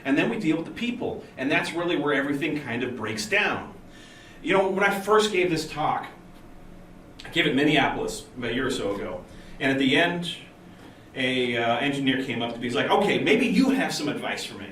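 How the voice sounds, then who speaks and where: A man giving a conference talk to a room of engineers, chatty and lively, acting out the people in his stories. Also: medium pitch, brisk. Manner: lively, conversational, acts out quoted people. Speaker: conference speaker. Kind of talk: technical conference talk with storytelling. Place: meeting room at a user group event. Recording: roomy and distant with faint noise.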